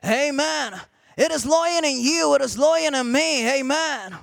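A man preaching a sermon to a congregation, repeating "amen" often and rising to shouted emphasis. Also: extremely high pitch, lively intonation, measured pace, gravelly, no echo.

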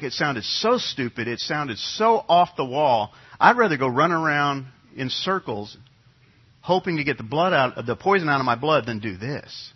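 A man delivering a sermon, his husky voice rising and falling as he tells the story and acts out panicked crowd voices. The recording is dull and lo-fi. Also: a little high, lively intonation, moderate pace. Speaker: preacher.

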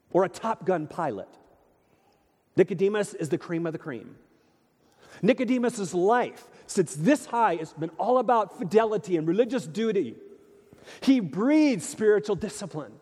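Animated high-voiced preacher in a reverberant hall. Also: male voice, breathy edge. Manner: animated, emphatic preaching with rhetorical questions. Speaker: pastor. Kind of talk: sermon. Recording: long reverb of a large hall.

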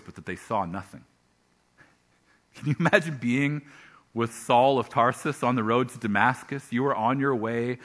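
A male pastor preaching a sermon, telling a Bible story with animated storytelling and acted-out voices. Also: mid-range voice.

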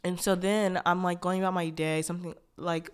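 A young woman hosts a podcast, telling a personal story in a candid, rambling way packed with "like" fillers, restarts and blunt swearing. Her voice is lowish and clean-toned, with a level delivery at a slightly fast pace.

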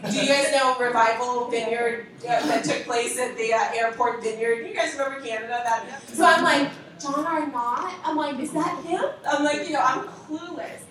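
A woman with a fairly high voice tells an animated testimony, excitable and quick to laugh as she acts out the people she quotes. She sounds distant from the mic in a very echoey room with a faint hiss behind her. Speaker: speaker telling a testimony.

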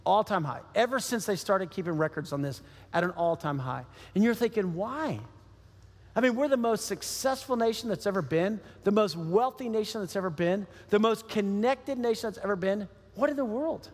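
A man's voice: high voice, lively intonation, moderate pace, in a large hall. A man preaching a sermon as a pastor, telling a story animatedly and acting out the voices of the people in it.

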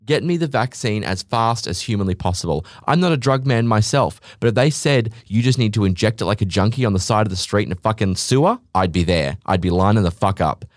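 A man hosting a podcast, ranting sarcastically and swearing, often mimicking people in a high voice. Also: lively intonation, fairly quick, few pauses, no echo, clean studio sound. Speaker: podcast host, business owner. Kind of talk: casual podcast monologue.

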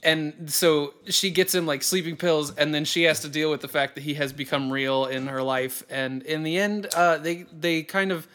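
Male podcast co-host, slightly higher voice, loose joking delivery with frequent laughs. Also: moderate pace, few pauses. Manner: laughs often, relaxed and joking. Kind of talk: casual podcast chat.

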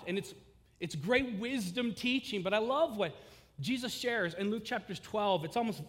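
A man preaching a sermon as pastor, impassioned, rising loud on key lines and dropping low after. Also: in a large hall.

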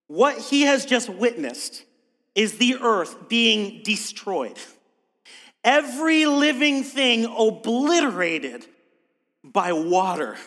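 A man preaching a sermon as pastor, emphatic, asking rhetorical questions and slowing down to stress words. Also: high-pitched, a bit bright, big-room sound.

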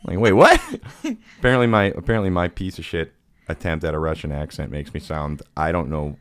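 Podcast host, man, extremely deep voice, casual rambling storyteller, crude and self-deprecating. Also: fairly even intonation, fast, smooth, dry recording. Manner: rambling, profane, self-mocking with quoted impressions.

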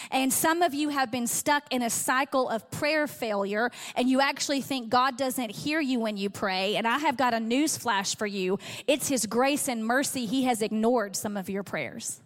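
A middle-aged woman pastor gives an earnest, conversational sermon, acting out small quoted exchanges as she teaches. Her voice is a little high and fairly bright, heard with long hall reverb.

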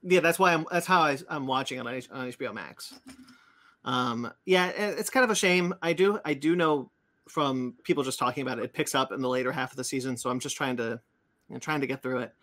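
A man's voice: mid-range voice, fairly quick, fairly bright tone. A man hosting a casual podcast chat, rambling with many fillers and restarts. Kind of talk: casual chat about comics and cartoons.

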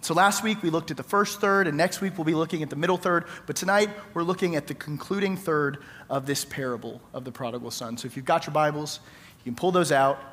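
A man's voice: on the high side, fast, a bit bright, in a large hall. A male pastor preaching a sermon in a conversational storytelling way, acting out the quoted lines.

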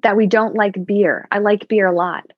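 A husky-voiced woman sommelier, mid-range and steady in tone at normal speed, chats as a guest on a casual podcast interview. She's upbeat with wry asides, and the recording sounds dull, dry, and slightly lo-fi.

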